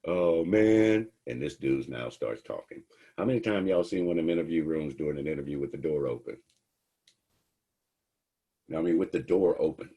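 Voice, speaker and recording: A man's voice: very deep voice, moderate pace, pauses often, slightly rough. A man giving a casual, blunt lecture about the law, telling stories with profanity. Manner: blunt, profane, animated storytelling. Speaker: speaker teaching about police and the law.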